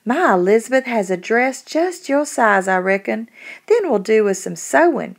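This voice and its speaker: A woman voicing a kind, brisk frontier stepmother with a homespun way of talking. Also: on the high side, big pitch swings. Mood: kindly. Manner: warm homespun and practical.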